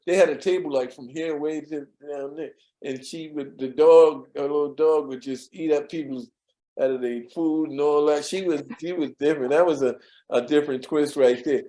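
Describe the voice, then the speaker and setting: Man, rambling storyteller, mellow warm tone, slightly high voice, interview guest. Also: low-quality recording. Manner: rambling, many fillers and restarts, laughs at his own stories. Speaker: former studio assistant, interview guest.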